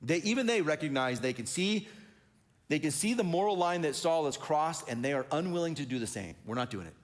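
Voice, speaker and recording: A pastor preaching a sermon, who acts out the characters' lines and swings between loud questions and low asides. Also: male voice, animated, fairly quick. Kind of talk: animated sermon retelling a Bible story.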